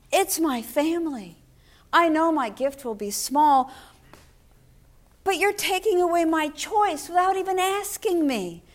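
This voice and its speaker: A woman voicing a proud older widow who speaks emphatically and indignantly, raising her pitch well above her own. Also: darkish tone.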